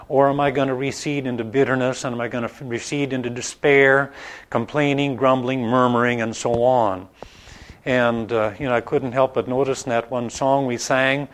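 Halting conversational male preacher. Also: mid-range voice, fairly even intonation. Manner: conversational, halting, many restarts and fillers. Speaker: pastor. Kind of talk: informal sermon, Bible study.

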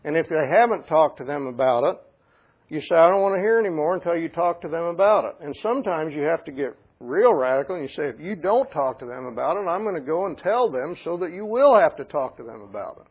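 Husky-voiced man preaching, tinny sound. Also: a little high, expressive, fast. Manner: swings from hushed storytelling to loud emphatic preaching. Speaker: pastor. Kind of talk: sermon.

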